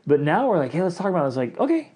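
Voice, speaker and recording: A middle-aged man co-hosting a podcast in casual chat, talking in an animated way and acting out the lines he quotes. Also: fairly high pitch, rapid-fire. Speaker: podcast co-host.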